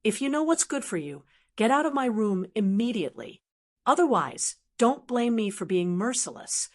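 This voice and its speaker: A woman's voice: fairly high pitch, big pitch swings, measured pace. A woman doing a fawning, frightened young cultivator. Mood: cold threat.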